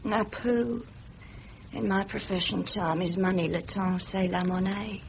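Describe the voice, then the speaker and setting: An actress playing a brisk, worldly prostitute with a blunt, mocking, businesslike manner, in 1950s radio drama style. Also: female voice, mid-range voice, fairly even intonation, gravelly, a little hiss or hum, low-quality recording. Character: brisk worldly London prostitute, middle-aged woman.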